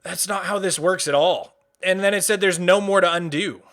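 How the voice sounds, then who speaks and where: A man's voice: high voice, normal speed, a bit bright. A male streamer playing a game live, exasperated and frustrated, tossing in "dude" and "bro" as he talks.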